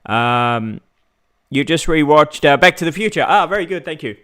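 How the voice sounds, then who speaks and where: A man with an Australian accent chatting casually on a livestream, rambling with many fillers and pausing to greet viewers. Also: fairly high pitch, animated, fairly bright tone. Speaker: vlogger.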